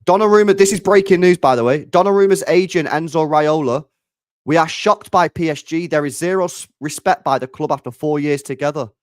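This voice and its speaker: A young man, chatting casually about football transfer news, animated, repeating himself and swearing often. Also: a little high, brisk. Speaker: football fan channel host.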